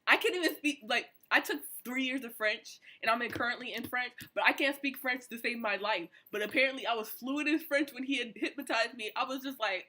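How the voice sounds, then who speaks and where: Young adult woman vlogger, bright and sharp-edged, lively slangy retelling. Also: a little high, brisk, hardly any pauses. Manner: animated, slangy, excited retelling. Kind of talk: casual storytime vlog.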